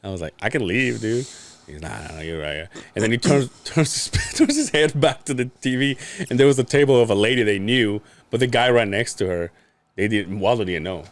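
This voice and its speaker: A man's voice: on the low side, brisk. Guy telling a wild story on a podcast, voice swings all over, laughs a lot, swears. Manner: animated, acts out quotes, swears freely, laughs often. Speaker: podcast co-host. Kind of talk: casual storytelling chat.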